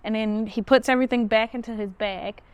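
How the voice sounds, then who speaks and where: A woman hosting a podcast, casually recounting a story and jumping her pitch up high when she quotes herself. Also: a little fast, clear, resonant tone, dry recording. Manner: animated retelling, pitch jumps up when quoting herself. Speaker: podcast host. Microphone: phone.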